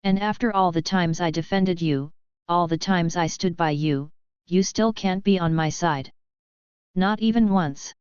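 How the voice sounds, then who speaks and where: Casting: angry, defiant young man gone dark, voiced by a woman narrator, dry, muffled sound. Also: on the low side, unhurried, clear, resonant tone, no room sound, lightly acted. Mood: furious. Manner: angry, bitter. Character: furious young man turned to darkness.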